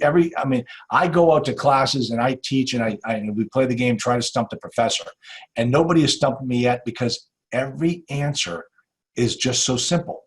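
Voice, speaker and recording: An older man hosting a podcast, chatting casually and animatedly, with many restarts and trailing off quietly. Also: medium pitch. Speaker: podcast host. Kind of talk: casual interview chat. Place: home in New Hampshire.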